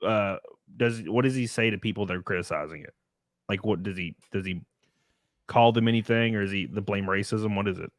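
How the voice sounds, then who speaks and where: A man's voice: fairly low pitch, a little fast, no echo, studio quality. Laid-back man hosting a podcast. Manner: laid-back, swears casually. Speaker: podcast host. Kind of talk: casual podcast chat, reading viewer comments.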